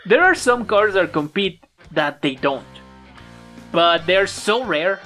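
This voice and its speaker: A man's voice: high-pitched, expressive, takes it slowly, pushed and bright, faint music behind. A man, co-hosting a casual comics podcast and finishing his partner's sentences. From Mexico. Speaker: podcast co-host. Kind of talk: casual chat.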